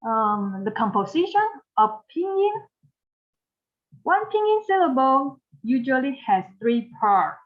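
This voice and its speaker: A woman whose first language is Mandarin gives a recorded pronunciation lesson, slow and patient and often repeating a phrase. Her voice sits a little high. The recording is dull and lo-fi. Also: big pitch swings. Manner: patient, repeats phrases, spells out each step. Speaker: Mandarin teacher.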